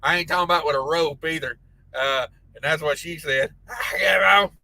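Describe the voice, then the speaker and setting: A man's voice: on the high side, moderate pace, gravelly, pushed and bright, rough recording. A man hosting a casual trucking live stream, reading chat messages aloud with crude jokes and frequent laughter. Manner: crude joking banter, laughs often.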